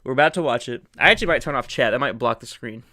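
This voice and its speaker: A young man streaming live from home, reacting with loud excitement and laughter, with faint music behind. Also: mid-range voice, rapid-fire. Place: home room.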